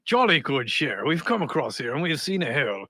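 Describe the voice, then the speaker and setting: A man's voice: fairly high pitch, sing-song, fairly quick, pushed and bright, no echo, pitched below the performer's own voice, full character voice. A man voicing a pompous old English policeman in a put-on English accent, plummy and stiff.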